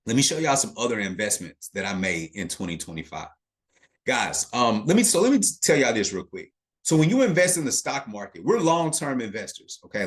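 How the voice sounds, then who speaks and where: A man with a fairly low voice runs a live online investing class. He teaches casually and with emphasis, repeats his main points, and keeps turning to the chat with quick "okay" check-ins. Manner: emphatic, talks straight to the chat audience.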